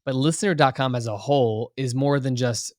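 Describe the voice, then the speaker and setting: A man's voice: medium pitch, a little fast, a little mellow, dry recording, clean studio sound. A man in his twenties, a podcast guest talking casually and eagerly at length, with many "like"s and "you know"s. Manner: enthusiastic, long-winded, heavy on "like" and "you know". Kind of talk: casual interview talk.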